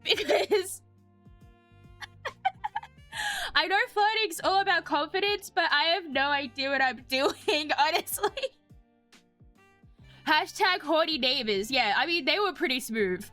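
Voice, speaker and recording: Giggly, high-pitched woman streamer. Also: big pitch swings, takes it slowly, long pauses, pushed and bright, faint music behind. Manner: giggly, teasing, self-mocking. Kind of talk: casual game streaming and reading aloud.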